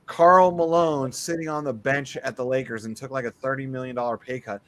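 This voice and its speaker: A man's voice: medium pitch, fairly even intonation, fairly quick, a bit bright, no room sound. Profane, sarcastic man on a dry close mic. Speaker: podcast co-host. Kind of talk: casual banter.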